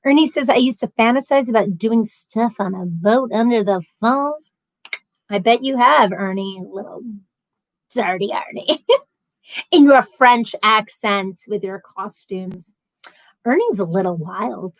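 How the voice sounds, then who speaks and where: A woman's voice: medium pitch, slow pace, dry recording, low-quality recording. A woman hosting a casual live stream, reading viewer comments aloud and rambling through stories with bursts of laughter. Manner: chatty, rambling, reads comments aloud and answers them; animated storytelling with laughter.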